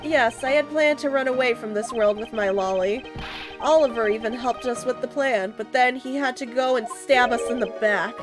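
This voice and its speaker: Girl reading a sorry young guy in a game, earnest and quiet, fairly high voice, music behind. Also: moderate pace, lightly acted. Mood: remorseful. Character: remorseful young man confessing.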